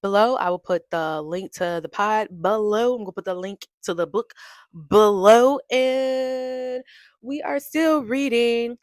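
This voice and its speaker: A woman's voice: a little high, unhurried, no echo, clean studio sound. A young adult woman hosting her own podcast, talking in a chatty, playful way and laughing often. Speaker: podcast host. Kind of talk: casual chat.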